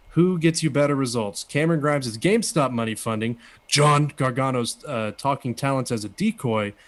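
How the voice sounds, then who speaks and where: Jokey man chatting on a podcast. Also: mid-range voice. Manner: jokey, laughs often. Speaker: co-host of a wrestling review show. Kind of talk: casual podcast chat.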